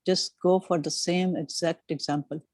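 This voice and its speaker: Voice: mid-range voice, steady tone, normal speed, darkish tone, no echo, studio quality. A student asking probing follow-up questions in an online class. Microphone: video call.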